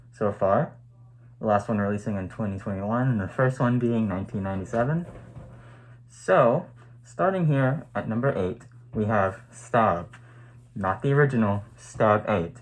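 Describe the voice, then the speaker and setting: A man's voice: fairly low pitch, rough recording. A man ranting heatedly as a movie fan in a review vlog, swearing and breaking into sudden outbursts.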